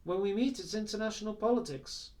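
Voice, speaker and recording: Male reader doing a sulky, imperious boy prince, raised pitch, slightly off-mic. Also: brisk, darkish tone, far from the mic, natural voice. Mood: proud. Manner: imperious, sulky, flares up indignantly. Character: haughty, petulant teenage boy prince.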